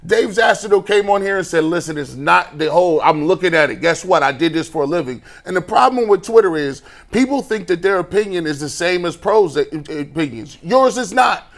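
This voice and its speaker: A sarcastic sports show co-host with a slightly high voice. He mocks armchair opinions and retells what others said in a lower, flatter tone. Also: fairly quick, hardly any pauses. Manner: dismissive, sarcastic. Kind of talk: casual sports debate.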